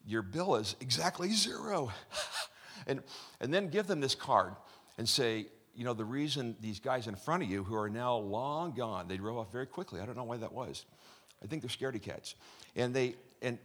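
A man's voice: on the low side, a bit bright. A middle-aged man preaching a chatty, joking sermon as pastor, with many restarts.

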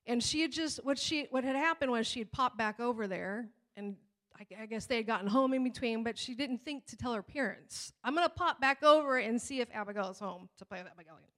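A woman pastor preaching in a conversational, animated way, retelling a family story and scripture with acted-out quotes. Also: fairly high pitch, fairly quick. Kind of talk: sermon with personal storytelling.

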